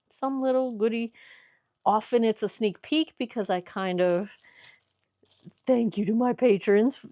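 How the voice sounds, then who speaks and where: A woman's voice: mid-range voice, darkish tone, no echo, studio quality. A woman casually chatting to viewers as she works in her workshop, explaining steps and correcting herself as she goes. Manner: chatty, explains while working, self-correcting. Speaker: small business owner making skincare. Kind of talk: casual vlog with instructions.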